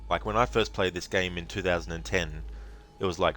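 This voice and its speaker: Deep-voiced, rambling male game streamer. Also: steady tone, fairly quick, pushed and bright, a little hiss or hum. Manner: rambling, chatty, many fillers, thanks viewers. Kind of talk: casual live-stream chat.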